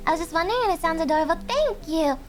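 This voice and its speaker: Young woman streamer, very high soft voice, giggly, chatty, faint music underneath. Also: lively intonation, rapid-fire. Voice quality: high voice, speaking softly. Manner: giggly, chatty, reads chat aloud. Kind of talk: casual chat with viewers. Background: faint background music.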